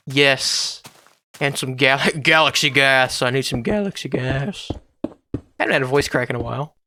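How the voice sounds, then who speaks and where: A man's voice: fairly high pitch, sharp tone, a little hiss or hum. A man hosting his own gaming channel, giving casual, rambling, jokey commentary to himself while he builds in a game.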